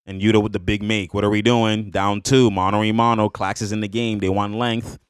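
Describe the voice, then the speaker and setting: A man reacting to basketball highlights in a hyped, slangy way, laughing often and repeating catchphrases. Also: flat delivery, fairly quick, clear, resonant tone, no echo, studio quality. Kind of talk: excited casual highlight reaction.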